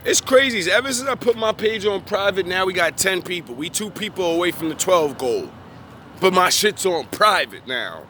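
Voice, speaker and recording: A man's voice: sits high, very animated, normal speed, bright, forceful tone, slight background noise. A young man giving a casual, preachy monologue in profane street slang, worked up as he preaches. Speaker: vlogger.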